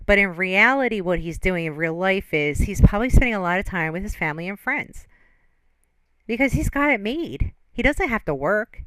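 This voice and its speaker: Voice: mid-range voice, a bit bright, clean tone, dry recording. A reaction channel host giving casual, judgmental commentary on a video and reading chat comments aloud.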